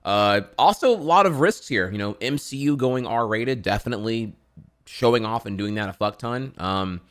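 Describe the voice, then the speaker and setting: A man's voice: lowish voice, animated, moderate pace, fairly bright tone. A man from Florida streaming casual reaction commentary, rambling with lots of fillers and swearing.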